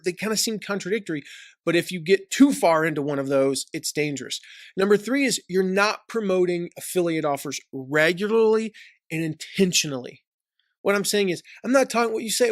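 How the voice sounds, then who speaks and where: Energetic man giving business tips. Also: sits high, dry recording, studio quality. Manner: energetic, jokey, mimics people with quick repetitions. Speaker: online business coach. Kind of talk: direct-to-camera tips video.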